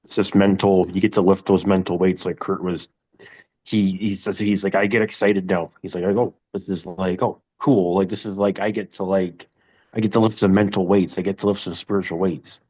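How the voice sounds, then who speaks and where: A man's voice: low voice, fairly even intonation, moderate pace, mellow. A man co-hosting a podcast in casual chat, rambling loosely with lots of "like". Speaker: podcast co-host. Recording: dull lo-fi sound.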